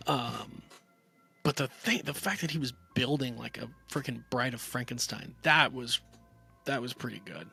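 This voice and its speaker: A man talks through a film review in a loose, rambling way, circling back with plenty of fillers and restarts. His voice is bright and forceful at a middle pitch, and soft music plays faintly underneath. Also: normal speed, creaky, slightly rough. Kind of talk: casual spoken movie review.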